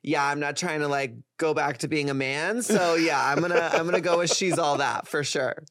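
A drag performer from Texas chatting as a podcast guest in a bubbly, playful way. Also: male voice, on the high side, a bit bright, no room sound, clean studio sound. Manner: bubbly, playful, quick reactions. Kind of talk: casual chat.

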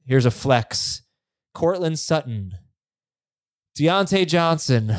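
A man hosting a podcast who has young kids, talking in easygoing, teasing casual banter with quick asides. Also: fairly high pitch, expressive, no echo, studio quality. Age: adult, parent. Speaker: podcast host.

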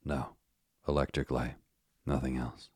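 A reserved detective speaking quietly and evasively , read by a man. The voice is extremely deep and husky, flat in melody. A dry, close recording. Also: a little slow, no echo, full character voice. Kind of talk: sleep story reading.

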